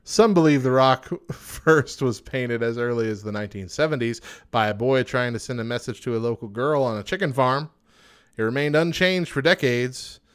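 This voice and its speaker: A man's voice: medium pitch, moderate pace, clear, resonant tone. A young man hosting a casual chat show, reading out odd news items and joking about them. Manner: reads facts aloud then jokes. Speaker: podcast host.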